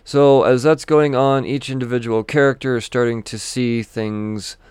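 A man's voice: mid-range voice, steady tone, normal speed, darkish tone, clear, resonant tone, no echo. Male comic reviewer, casual and rambling, self-interrupting, clean resonant tone, dry close mic. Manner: chatty, self-interrupting, laughs often, swears casually.

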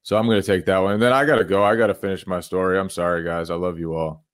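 Male sportswriter, low smooth voice, dry close mic, quick animated chat. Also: no echo. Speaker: sportswriter guest.

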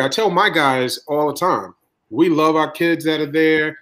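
A man's voice: on the high side, measured pace, a bit bright, rough recording. A man who owns a deli, talking in a casual podcast discussion and repeating his points for emphasis. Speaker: deli owner, podcast host.

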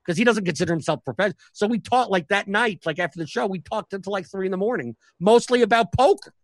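Rambling, fast-talking comedian. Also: male voice, sits high, no room sound. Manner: rambling, fast, many restarts and filler words. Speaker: stand-up comic and professional poker player. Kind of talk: casual podcast conversation.

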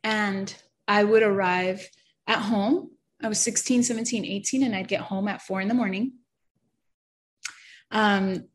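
A woman giving an earnest, emotional personal testimony, halting and stammering at times and often dropping to a soft, quiet voice. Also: mid-range voice. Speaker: person sharing a faith testimony.

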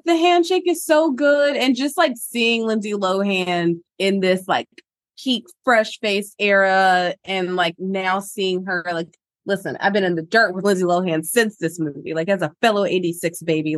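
A woman's voice: mid-range voice, normal speed, no room sound. A woman in her thirties, a podcast guest, chatting enthusiastically with lots of "like". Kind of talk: casual chat.

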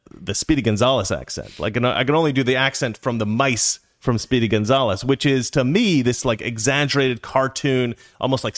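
A man telling a long personal story in a casual, rambling way, with frequent restarts and asides. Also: mid-range voice.

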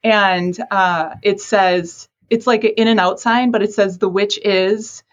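A woman's voice: medium pitch, fairly even intonation, measured pace, highs cut off. A woman counselor for teens, chatting casually in an interview, self-deprecating and laughing often. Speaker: mental health counselor for teens.

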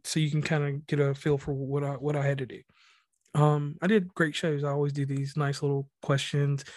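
A man from the rural Mid-Atlantic hosting a casual podcast interview, talking fast and rambling with many restarts. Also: on the high side, no echo, studio quality. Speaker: podcast host.

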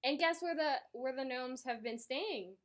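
Female podcast co-host, rambling casual recap, slightly high voice, a bit tipsy. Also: unhurried. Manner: rambling, laughs often. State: tipsy, slurring a little.

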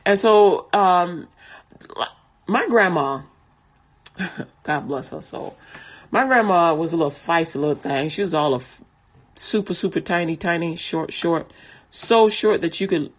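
Woman telling a rambling personal story. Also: deep voice. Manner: rambling, laughs often, restarts sentences; vernacular, conversational speech.

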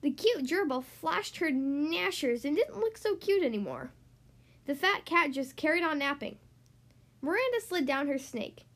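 A woman reading a children's storybook aloud in an animated, sing-song way. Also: high-pitched, a little slow.

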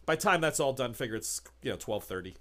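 A man narrating a tabletop game as game master, relaxed and chuckling, with frequent fillers. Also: medium pitch, quick pace.

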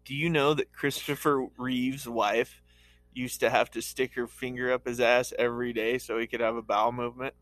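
A man's voice: mid-range voice, flat delivery, normal speed, a bit bright, no room sound. A man co-hosting a podcast, joking around and laughing often in casual banter. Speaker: podcast co-host.

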